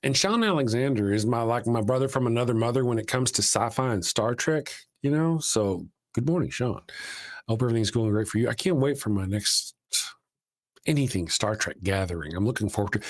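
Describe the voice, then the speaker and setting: A man's voice: medium pitch, no room sound. Rambling, casual man on a dry mic. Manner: rambling, self-interrupting, swears casually. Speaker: livestream host. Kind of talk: casual live-stream chat.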